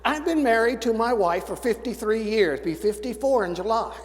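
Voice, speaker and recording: A man's voice: high voice, expressive, normal speed. A man in his seventies preaching a sermon, folksy and storytelling with dry humor. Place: church sanctuary. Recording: church sanctuary with long reverb.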